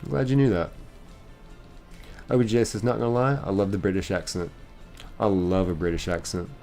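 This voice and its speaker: A man's voice: low voice, steady tone, brisk, mellow, soft background music. A young man hosting a live stream, casually reading viewer comments aloud and rambling with lots of fillers. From United States.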